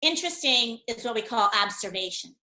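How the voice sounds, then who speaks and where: A woman guest on a webinar, explaining ideas through an animated story and acting out the dialogue as she goes. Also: a little high, brisk, reverberant, low-quality recording. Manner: animated storyteller who acts out dialogue, with frequent laughs.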